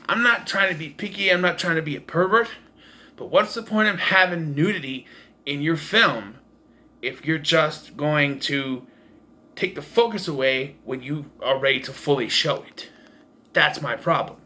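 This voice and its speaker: A man rants his way through a movie review at home, rambling, blunt and profane, restarting his sentences often. His voice sits fairly high and sounds bright and forceful. He talks straight to a camera propped up on a makeshift stand. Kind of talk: casual movie review vlog. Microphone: camera propped on taped-together cases.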